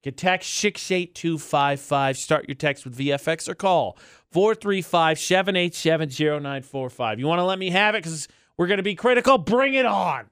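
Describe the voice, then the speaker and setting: A man's voice: a little high, moderate pace, fairly bright tone, smooth, no echo. A man in his thirties co-hosting a morning radio show, bantering in a jokey, rambling, playfully indignant way from a radio studio. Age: 30s.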